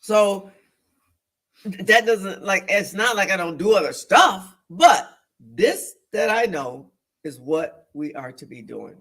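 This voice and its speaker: Animated, bright-voiced woman preaching. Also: mid-range voice, slow pace, breathy edge. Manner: animated and emphatic, acting out inner voices; repeats phrases for emphasis. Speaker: co-host of a church talk show. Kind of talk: faith discussion, preaching-like.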